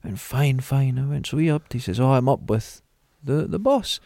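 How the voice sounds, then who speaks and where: A middle-aged Scottish man chatting casually on a podcast. He tells stories with animated jumps into quoted voices. His voice sits in a middle register, close and dry with no room around it. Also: mid-range voice, a little fast, vocal fry, no room sound. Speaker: podcast co-host. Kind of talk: casual chat.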